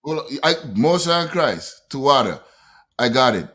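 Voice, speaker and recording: A man's voice: medium pitch, big pitch swings, unhurried, a bit bright. A man co-hosting a casual talk show, speaking in a preachy, emphatic way. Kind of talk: casual podcast chat.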